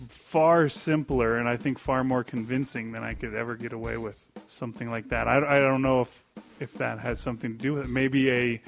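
A man's voice: medium pitch, creaky. A man co-hosting a podcast, easygoing and thoughtful in casual chat. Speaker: podcast co-host and writer.

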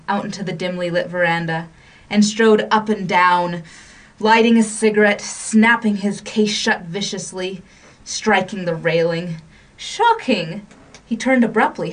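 A woman narrates a romantic short story for a radio program, shifting her pace and volume as the drama unfolds. Her voice sits at a middling pitch and sounds a touch off-mic. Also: recorded from a distance.

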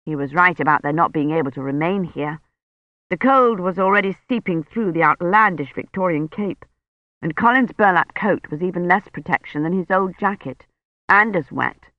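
Even-paced novel narrator, mid pitch, dry muffled recording. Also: normal speed, no room sound. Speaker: audiobook narrator. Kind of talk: scripted narration.

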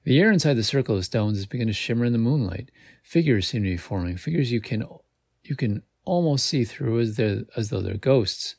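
A man's voice: medium pitch, animated, brisk, creaky, a little mellow, slightly rough, no room sound, studio quality. A man hosting a podcast, reading a gamebook aloud in a casual way, with slips and self-corrections. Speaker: podcast host.

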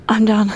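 A woman's voice: a little mellow, slight background noise. A young woman telling a story in casual chat, profane, often dropping into whispered asides while doing squats.

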